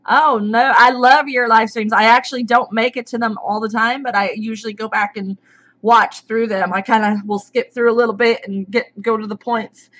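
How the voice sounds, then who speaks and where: A chatty woman hosting a homestead live stream, her voice sitting a little higher than most. She talks casually to her viewers, greeting them by name and answering their questions. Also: steady tone, normal speed, a bit bright.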